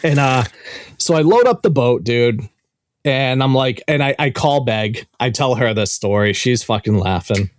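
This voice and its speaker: Animated, cursing podcast host, a man. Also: mid-range voice, moderate pace, no room sound, clean studio sound. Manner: animated, profane storytelling. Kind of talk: casual chat.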